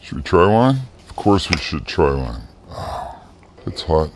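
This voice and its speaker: A man's voice: very deep voice, big pitch swings, measured pace, noisy background. A middle-aged man hosting a casual cooking show, chatting enthusiastically and exclaiming over the food as he cooks. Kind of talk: casual cooking demo talk.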